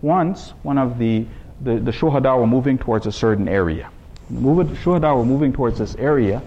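A man preaching a sermon to a congregation, emphatic, reciting scripture in Arabic and climbing to high exclaiming peaks. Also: brisk, mellow, lo-fi sound. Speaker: speaker at a religious gathering.

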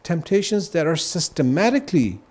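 A man with a fairly high, mellow voice talks in an earnest, explanatory way. He keeps checking in with his listener through "right?" and "you know" as he works through his points. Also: sing-song, normal speed. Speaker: guest on a religious talk show. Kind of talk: casual explanatory talk.

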